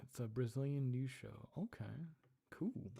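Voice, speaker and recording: A man's voice: mid-range voice, animated, measured pace, gravelly, warm tone, slightly rough. A man casually chatting on a livestream, reading chat, laughing often and repeating words as he tries out pronunciations. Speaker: streamer reading live chat.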